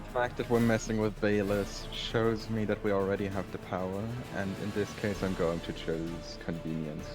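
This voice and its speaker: A man at a tabletop game lays out what his character does in a calm, measured way. His voice is on the lower side. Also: over music. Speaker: player. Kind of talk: casual tabletop play.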